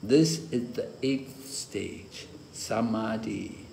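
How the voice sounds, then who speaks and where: Male spiritual teacher, scripture lecture, slow measured delivery, roomy echoey recording. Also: on the low side, gravelly, warm tone. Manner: slow, deliberate explaining with occasional chuckles. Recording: roomy echo with faint ambient noise.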